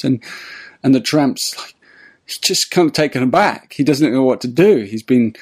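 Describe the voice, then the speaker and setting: A man, a spiritual teacher, telling a story in a relaxed, meandering way with frequent restarts. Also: medium pitch, normal speed, husky. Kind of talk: storytelling talk.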